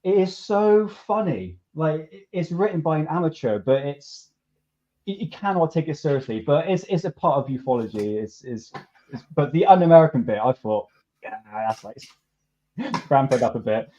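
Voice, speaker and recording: A man's voice: a little high, animated, normal speed, warm tone. A man hosting a podcast in a casual, laid-back way, chuckling and restarting sentences often. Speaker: podcast host. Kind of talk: casual chat. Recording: dull lo-fi sound.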